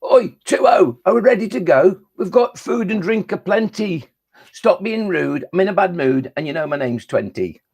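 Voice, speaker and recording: A cranky, bossy number twenty snaps at his friends to hurry up, as a man puts on the voice. It is pitched well above the man's own and sharp with impatience. A rhyming storybook character. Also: lively intonation, normal speed, slightly rough, heavily acted. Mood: grumpy.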